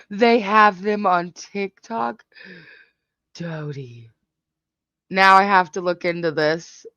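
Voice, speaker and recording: Giggly, unhurried woman host, dull dry sound. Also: medium pitch, bright, forceful tone, no room sound. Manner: giggly, profane, exclamatory. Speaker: host reacting to clips. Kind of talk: casual reaction chat.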